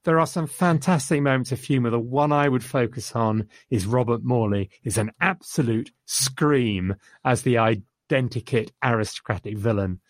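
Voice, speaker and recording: A man's voice: mid-range voice, moderate pace, few pauses, dry recording, studio quality. A man chatting casually about a film he enjoyed, rambling enthusiastically and quoting lines. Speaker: podcast co-host reviewing a film. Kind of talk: casual chat.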